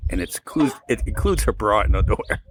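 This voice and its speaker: Low-voiced man rambling through a story. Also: fast talker. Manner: rambling, animated retelling with quoted dialogue. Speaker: podcast co-host. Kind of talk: casual storytelling.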